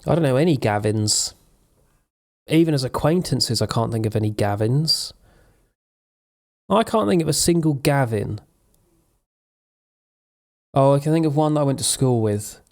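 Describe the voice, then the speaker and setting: Suffolk-born male streamer, gravelly, meandering and dry. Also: mid-range voice, expressive, moderate pace, long pauses, darkish tone. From Suffolk, England. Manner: rambling, wry. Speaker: live streamer. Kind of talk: casual chat.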